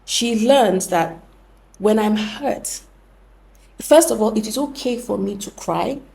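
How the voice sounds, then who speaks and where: A woman's voice: medium pitch, slow, gravelly, a little mellow. A young woman hosting a podcast, explaining things earnestly and often correcting herself mid-sentence. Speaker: podcast host. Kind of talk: reflective podcast talk.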